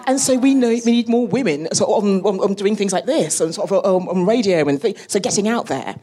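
A woman's voice: medium pitch, a little fast, mellow, slightly rough. A woman, a space scientist on a live panel, chatty and often laughing between phrases. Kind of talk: live podcast panel chat.

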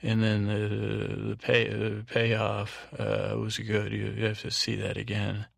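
A man's voice: lowish voice, completely flat delivery, slow pace, vocal fry, no echo. A man hosting a bedtime podcast, recapping an episode in a meandering way with fillers and restarts. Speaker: podcast host.

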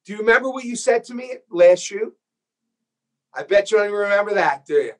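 A man interviewing an actor, animated and enthusiastic, acting out scenes as he tells the story. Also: high-pitched, a little fast, rough recording. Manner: enthusiastic, acts out quoted scenes. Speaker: host and filmmaker.

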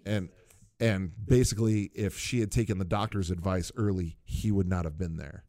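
A man's voice: low voice, steady tone, moderate pace, dark tone, dry recording. A man in casual chat, animatedly retelling cartoon scenes, laughing often and mimicking characters.

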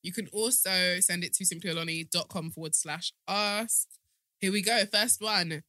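A British woman hosting a podcast, chatting casually, animated and laughing often, swearing freely. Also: on the low side, moderate pace, no echo, clean studio sound. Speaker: podcast host. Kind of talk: casual chat.

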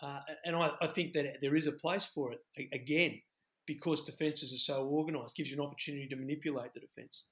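A middle-aged Australian man, a former rugby head coach, talking in a halting, reflective way on a podcast. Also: fairly high pitch, fairly even intonation, a bit bright. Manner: halting, many restarts, reflective. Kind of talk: podcast discussion.

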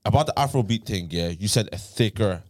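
A man with a low voice hosts a podcast debate. He argues in an animated way and repeats words as he presses his point. His voice sounds dry and close. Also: fairly quick, no echo. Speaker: podcast host.

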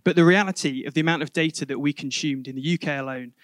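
A man preaching a sermon, telling a vivid story that swells loud and drops to a hush. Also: on the high side, quick pace, no room sound, clean studio sound. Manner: vivid storytelling, building to loud climaxes then dropping to a hush.

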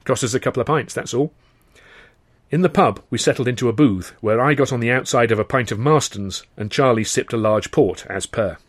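A man's voice: medium pitch, fairly quick. Man narrating a wry first-person tale. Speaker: author and narrator.

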